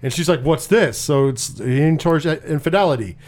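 On a podcast, a male co-host casually retells a film's plot, rambling, swearing freely and acting out the characters' lines. His voice is on the high side, a little mellow, and fairly quick.

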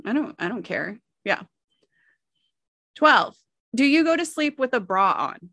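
Frank, giggly woman, lively voice. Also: on the high side, unhurried, no echo, studio quality. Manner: giggly, frank, filler-heavy. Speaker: co-host reading questions. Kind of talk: casual chat.

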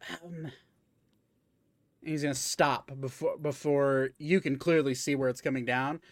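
A man runs a tabletop game, narrating the scene with frequent pauses and fillers. His voice is mid-pitched and recorded dry and close. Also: steady tone, no echo. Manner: hesitant, many fillers. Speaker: game master.

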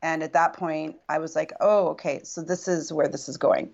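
A woman's voice: sits low, fairly even intonation, moderate pace, vocal fry, a little mellow, dull audio. A woman guest recounting a personal story in earnest, reflective casual conversation. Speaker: podcast guest.

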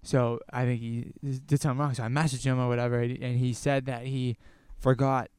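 A young man telling a rambling story in a casual outdoor podcast chat, getting animated and cursing as he goes. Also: mid-range voice, a little fast, smooth, no room sound. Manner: rambling, animated, swears when worked up. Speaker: podcast guest.

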